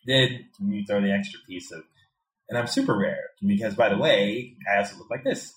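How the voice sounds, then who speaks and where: A man from Chicago with a very low voice talks in an unhurried, reflective way as an interview guest. He often repeats words as he works toward his point. The room around him is audibly echoey. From Chicago, USA. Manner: thoughtful, repeats words when building a point. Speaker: guest, American expat in Thailand. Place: indoor room in Bangkok.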